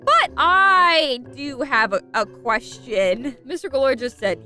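A woman excitedly narrating her role-play game to viewers in a gushing way. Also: high voice, unhurried, hardly any pauses, over music. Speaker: gaming video creator.

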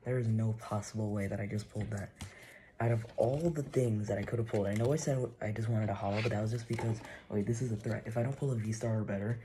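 A man chatting casually while opening trading cards, joking with mock threats and excitable reactions. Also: fairly low pitch, fast, slight background noise. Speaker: card-opening vlogger.

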